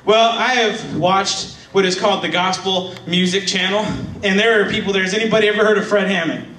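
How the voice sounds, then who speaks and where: Young male comic, high voice, winded, rambling self-deprecating bits, echoey hall, far from the mic. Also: fairly even intonation, fairly quick, a bit bright. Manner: rambling, self-deprecating, laughs at own jokes. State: out of breath. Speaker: stand-up comedian. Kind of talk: stand-up comedy. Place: church hall with live audience.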